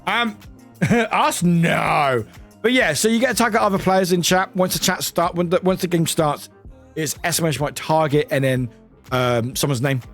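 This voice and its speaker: A man's voice: on the high side, normal speed, a bit bright, soft background music. A British man streaming live, chatting casually with viewers, swearing freely and laughing often.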